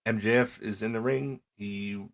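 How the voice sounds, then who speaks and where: Speaking at a normal speed with vocal fry and a fairly low pitch, this middle-aged man co-hosts a podcast. He recaps matches conversationally and tells it with animation, voicing the wrestlers' quoted lines.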